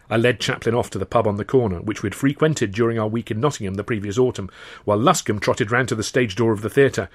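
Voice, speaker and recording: A man's voice: fairly low pitch, quick pace, slightly rough. A man reading his own first-person novel aloud as narrator, in a dry, wry storytelling manner. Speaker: author and narrator.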